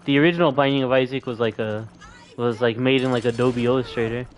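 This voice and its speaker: A young male streamer chats while he plays, easygoing and loose. He swears casually and keeps a relaxed, unhurried flow. His pitch sits in the middle of the range. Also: a little hiss or hum. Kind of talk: casual gameplay chat.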